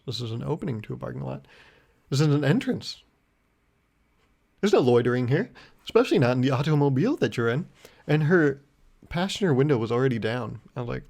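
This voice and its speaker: A man's voice: medium pitch, vocal fry, a little mellow. Young man, podcast host, rambling, self-mocking, laughs often, mock-indignant rants. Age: young adult. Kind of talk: casual solo podcast monologue.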